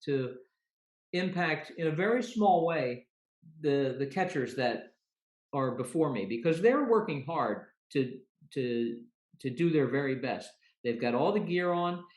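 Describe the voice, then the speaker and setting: A man's voice: fairly high pitch, animated, unhurried. Earnest man in an echoey room. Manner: earnest, repeats words while thinking. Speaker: umpire guest. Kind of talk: casual interview talk. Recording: roomy echo.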